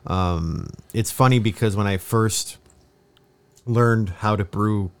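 A man's voice: lowish voice, slow, clean tone. A man co-hosting a casual coffee review chat, rambling and often breaking off to laugh. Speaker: podcast co-host reviewing coffee.

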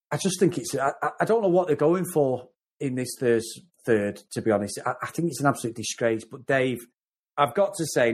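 A man's voice: mid-range voice, darkish tone. A man with a Mancunian accent from the north of England, co-hosting a casual film review podcast and talking in long, rambling runs with repeated words. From North West England. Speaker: podcast co-host.

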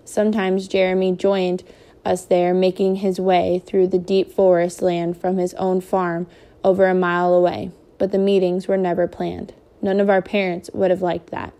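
A woman reads a novel aloud in a calm, measured way. Her voice is lowish, mellow and quite even, with little rise and fall. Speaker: reader.

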